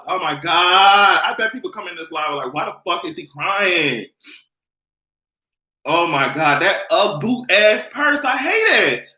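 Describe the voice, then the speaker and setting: A man on a live stream, ranting loudly and animatedly with lots of profanity. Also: high-pitched, animated, unhurried, reverberant. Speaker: vlogger.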